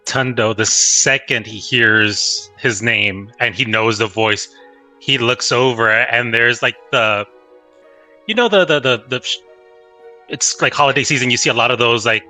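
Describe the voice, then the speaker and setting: A man's voice: medium pitch, unhurried, bright, forceful tone, soft background music. A man playing a tabletop game, speaking casually and joking between narrated actions. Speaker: player.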